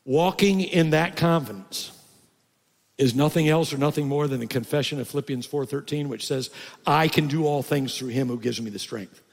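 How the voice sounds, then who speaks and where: An older man preaching a sermon as a pastor, often rising to loud, high emphatic bursts. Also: moderate pace, gravelly. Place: church sanctuary. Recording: reverberant church hall.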